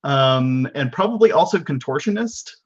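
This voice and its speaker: A man's voice: mid-range voice, animated, normal speed, breathy edge. A man playing a tabletop game, describing his character's moves in a rambling way with many fillers. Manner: rambling, lots of "like". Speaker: player. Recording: muffled lo-fi audio.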